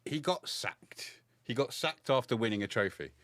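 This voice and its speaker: A man co-hosting a casual football chat, giving blunt opinions in a measured way. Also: medium pitch, lively intonation, a bit bright, no echo, studio quality. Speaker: co-host.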